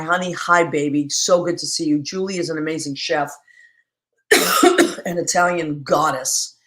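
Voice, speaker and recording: A woman hosting a live-streamed talk show, chatting casually, warmly greeting viewers by name with endearments and rambling with many fillers and restarts. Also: low-pitched. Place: home, streaming live in New York.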